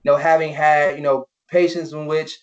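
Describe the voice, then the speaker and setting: An earnest young man recounting personal stories as a podcast guest. His voice sits a bit high, and he leans on "you know" fillers as he goes. The recording is dull and lo-fi. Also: flat delivery, normal speed. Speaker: podcast guest, former pro football player. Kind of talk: personal storytelling in an interview.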